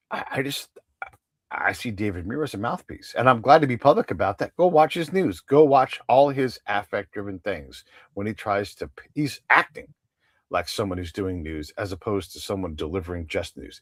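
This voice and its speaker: A man's voice: fairly low pitch, very animated, normal speed, dry recording, clean studio sound. A man in his fifties hosting a podcast, talking in a blunt, opinionated way with the odd swear word. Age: 50s. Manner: blunt, opinionated, swears freely, mocks news anchors. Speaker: podcast host. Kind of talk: casual conversational interview.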